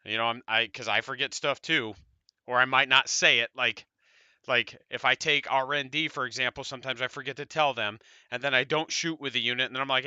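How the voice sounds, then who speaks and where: A man's voice: medium pitch, fairly even intonation, a little fast, sharp tone, clear, resonant tone, no room sound, dull audio. A man with an American accent, co-hosting a podcast and chatting casually in a rambling, laid-back way, swearing now and then. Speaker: podcast co-host. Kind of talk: casual tabletop wargame discussion.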